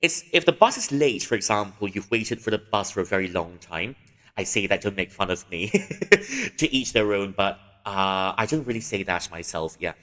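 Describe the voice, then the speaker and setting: A man's voice: on the low side, sing-song, moderate pace, fairly bright tone, long reverb tail. Chatty man streaming a game. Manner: chatty, explains with examples, frequent fillers and restarts. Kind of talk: casual game livestream commentary.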